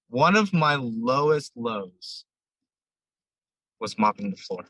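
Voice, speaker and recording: A man with a bright, crisp voice tells a story from his shop as a podcast guest. He rambles and acts out old conversations, and the sound is dry and close. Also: medium pitch, sing-song, extremely slow, dry recording, low-quality recording. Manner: rambling, retells dialogue with many "I'm like". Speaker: ramen shop owner, guest. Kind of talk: casual storytelling interview.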